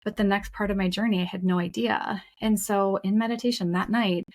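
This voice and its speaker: Frank woman co-host, mid-pitched, candid storyteller with occasional cursing. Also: steady tone, fairly quick. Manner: frank, emphatic, casual swearing. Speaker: podcast co-host.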